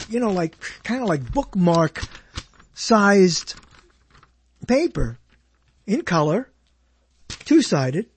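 Husky, grumbling man muttering at his computer. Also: very high-pitched. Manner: grumbling, sarcastic asides, muttering to himself. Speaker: vlogger. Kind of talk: casual rambling commentary while checking email and mail. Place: at home at a computer.

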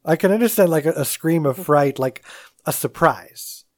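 A co-host in casual conversation, calm and measured, who laughs often and acts out quoted voices. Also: mid-range voice, dry recording, studio quality. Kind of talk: casual chat.

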